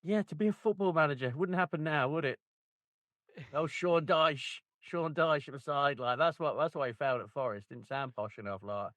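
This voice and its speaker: A man co-hosting a casual book chat, dropping wry jokes into the conversation. His voice sits a little higher than most men's. The recording is close and dry. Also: moderate pace, a bit bright, no echo. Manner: wry, joking banter. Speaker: book club podcast co-host.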